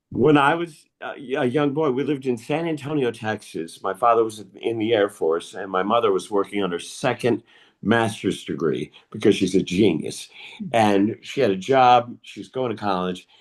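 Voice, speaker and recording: A man in his fifties doing stand-up, telling a personal story in a confiding, animated way over a home mic on a video call. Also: on the low side, moderate pace. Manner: confiding, animated storyteller who admits to nerves. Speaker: stand-up comedian.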